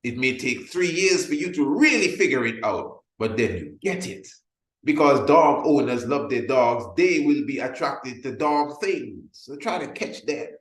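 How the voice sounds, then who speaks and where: Emphatic man teaching sales in a roomy space. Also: mid-range voice. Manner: emphatic and repetitive, acts out little scenes. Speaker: business webinar presenter. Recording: roomy echo.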